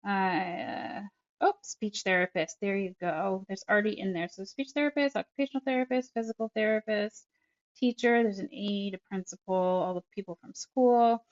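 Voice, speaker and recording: This speech therapist has a medium-pitched voice and a moderate pace, and the recording sounds muffled. She narrates an app tutorial in a relaxed, chatty way, describing each tap as she goes and filling gaps with frequent "um"s and the like.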